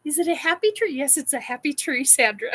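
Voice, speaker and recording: A woman's voice: high-pitched, expressive, brisk, noisy background. A woman hosting a casual live chat, giddy, laughing often and swearing while she answers comments. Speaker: live stream host. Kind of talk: casual live chat reacting to a painting video.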